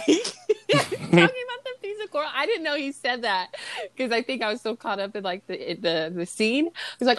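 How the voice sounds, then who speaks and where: A woman's voice: a little high, normal speed, dry recording. A young adult woman co-hosting a podcast, casually recapping movie scenes, laughing and swearing as she acts out the lines. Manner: laughing, profane, acts out quotes in animated voices. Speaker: podcast co-host.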